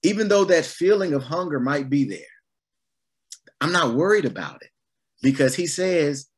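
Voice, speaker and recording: A man preaching a sermon in a relaxed, conversational way, mixing everyday stories with gentle humor. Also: a little high, moderate pace, pauses often, breathy edge. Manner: animated and conversational, acting out lively quoted voices.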